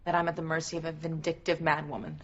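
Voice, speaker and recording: A woman's voice: sits low, flat delivery, quick pace. An actress playing a defiant woman in protective custody, talking in an insistent, confrontational way. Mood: indignant. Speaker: soap opera character. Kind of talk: daytime soap acting. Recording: dull TV audio under music.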